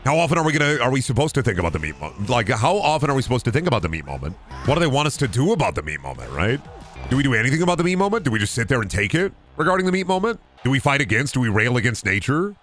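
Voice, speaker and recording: A man's voice: mid-range voice, sing-song, very fast, a bit bright, soft background music. A man in his thirties streaming games, chatting casually in a rambling, profane, jokey way and riffing on chat. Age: 30s. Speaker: game streamer.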